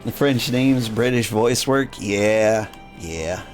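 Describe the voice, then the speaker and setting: A let's-play host with a fairly low voice, reading game text aloud in a formal tone and then drifting into loose, rambling chat. He trails off and restarts his thoughts as he goes. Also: takes it slowly, soft background music. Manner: rambling, self-interrupting. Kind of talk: casual gaming commentary.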